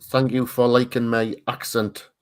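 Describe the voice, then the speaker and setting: A man's voice: medium pitch, level tone, unhurried. A man from Northern England with a Tyne and Wear accent, chatting on a group livestream and often repeating words as he searches for them. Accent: Northern English, Tyne and Wear. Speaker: art stream co-host. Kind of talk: casual group chat on a livestream.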